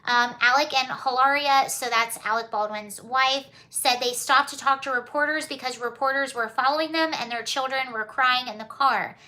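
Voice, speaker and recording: Bright, high-voiced chatty woman. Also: fairly even intonation, normal speed, few pauses. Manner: chatty, reads viewer comments aloud and answers them. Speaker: livestream host. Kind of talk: casual livestream chat.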